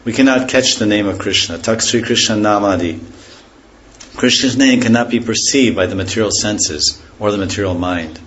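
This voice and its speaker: Under a faint background hiss, a man's fairly low voice moves slowly and reflectively through a scripture lesson. The spiritual teacher frequently stops to define terms, letting his phrases trail off gently, and the recording is rough.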